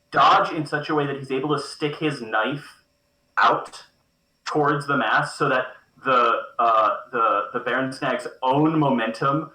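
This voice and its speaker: A man talks casually at a tabletop game, working through his plans with lots of pauses and restarts. His voice is very bright and sharp. The room around him adds a clear echo. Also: mid-range voice. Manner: hesitant, full of restarts while planning moves.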